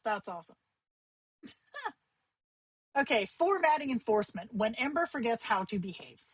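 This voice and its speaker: Husky-voiced woman giving a chatty tutorial. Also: fairly high pitch, expressive, no echo, poor audio. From Arizona. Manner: chatty, conversational, with quick asides and fillers. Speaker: livestream host teaching AI companion tips. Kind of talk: casual livestream tutorial.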